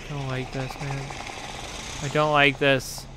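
A man's voice: medium pitch, little pitch movement, measured pace, noisy background. A young man commentating a horror game as he plays, jumpy and panicky, breaking into screams and swearing when something startles him. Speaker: gaming YouTuber.

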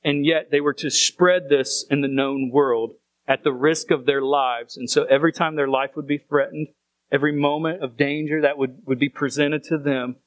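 A man's voice: medium pitch, no room sound, low-quality recording. A man preaching a sermon as pastor, speaking earnestly and repeating phrases for emphasis.

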